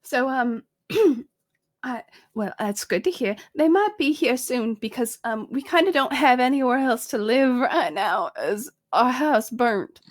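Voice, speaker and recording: A woman's voice: a little high, expressive, unhurried. A woman playing her character in a tabletop game, rambling and hesitant. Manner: rambling, hesitant, self-conscious. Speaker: player. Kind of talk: casual in-character role-play.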